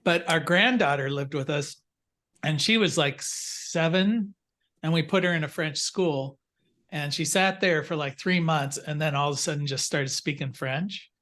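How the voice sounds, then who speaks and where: An older man talks to his class over a video call in a slightly raised pitch. He wanders through anecdotes, stopping and restarting with plenty of ums and you-knows. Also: measured pace, pushed and bright. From United States. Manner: rambling, anecdotal, many fillers and restarts. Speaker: instructor. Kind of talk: casual classroom storytelling.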